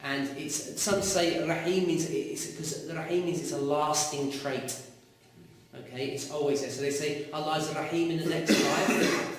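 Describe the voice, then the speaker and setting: A man's voice: on the high side, unhurried. Echoey far-off male teacher in a classroom. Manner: lively, asks students questions often. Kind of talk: classroom lesson, questioning students.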